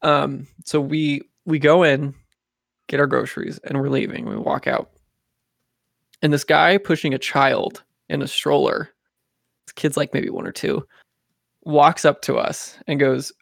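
A man's voice: a little high, normal speed, creaky, dry recording, studio quality. A young man casually telling a rambling story among friends, with lots of fillers.

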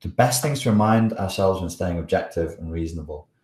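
A man's voice: low voice, animated, fairly quick, darkish tone, echoey room, recorded from a distance, poor audio. A man from the Wirral with a Scouse accent and a blocked nose from a cold, hosting a casual live question-and-answer chat, hesitant with many restarts. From the Wirral, England. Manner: hesitant, many restarts, chuckles while talking.

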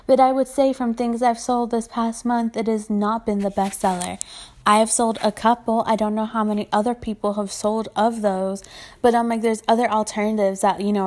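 A woman's voice: medium pitch, a little mellow. A young woman who works in retail, venting casually with lots of swearing and filler words. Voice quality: self-described annoying voice. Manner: profane, exasperated venting with many fillers. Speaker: retail worker. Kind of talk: casual ranting vlog.

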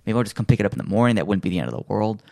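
A man's voice: fairly low pitch, animated, very fast, vocal fry, darkish tone, no echo, studio quality. A man in casual chat, telling a long story with lots of fillers and acting out other people's lines.

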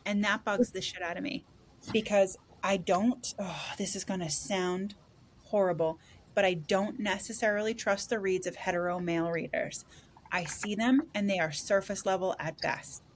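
A woman's voice: medium pitch, fairly even intonation, moderate pace, a little hiss or hum. A woman hosting a casual podcast chat as a psychic reader, blunt and profane, laughing and acting out quotes from her sessions.

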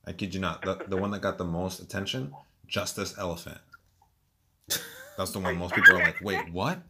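Very deep-voiced joking man. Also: flat delivery, sharp tone. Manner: joking, quick banter. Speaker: podcast co-host. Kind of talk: casual chat. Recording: noisy background hiss.

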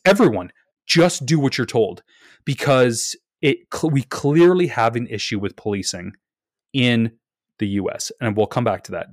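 A man's voice: mid-range voice, no room sound, clean studio sound. A young man co-hosting a podcast, telling the story animatedly with a lot of swearing, hedging and restarting. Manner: animated retelling, swears freely, hedges and restarts. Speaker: podcast co-host. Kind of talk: casual podcast chat.

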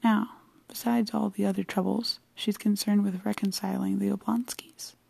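A woman's voice: mid-range voice, fairly even intonation, normal speed, vocal fry, dark tone, breathy edge, dry recording. A woman reading the lines of a cold, formal husband who speaks in a dry, bantering, precise way. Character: cold, formal middle-aged husband, a government official.

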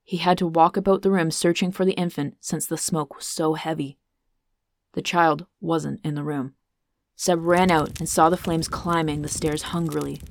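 A woman reading a fantasy story aloud as the narrator, in a steady, measured way. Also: low voice, creaky, no echo.

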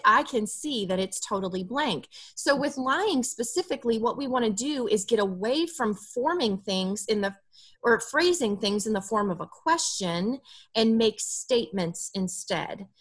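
Female therapist guest, bright and clear, expressive and warm-hearted explainer on a podcast. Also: a little high. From Alabama, USA. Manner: expressive, acts out parent dialogue in a soft voice. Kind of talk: podcast interview, advice.

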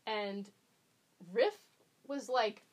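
A young woman talking casually as a podcast guest, her speech full of ums and likes as she rambles through a story. Her voice sits a little high. She keeps a loose, chatty flow. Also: extremely slow. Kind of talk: casual chat.

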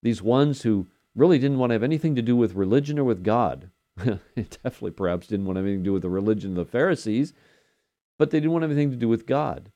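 An older man hosting a daily devotional, talking through scripture in an unhurried, conversational way with frequent fillers. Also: mid-range voice, expressive, dark tone, lo-fi sound. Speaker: devotional podcast host.

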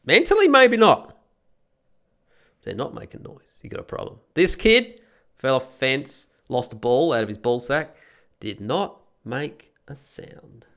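A man's voice: medium pitch, animated, unhurried, fairly bright tone. A middle-aged man hosting a podcast, telling a rambling, profane story in a casual monologue while sick with a head cold. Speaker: podcast host.

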